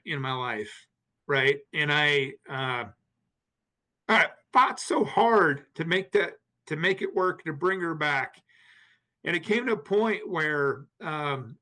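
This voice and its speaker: A man's voice: fairly high pitch, pushed and bright. Earnest man retelling a painful story. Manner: earnest, emotional retelling with many restarts and acted quotes. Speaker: podcast guest. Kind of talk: personal storytelling in an interview.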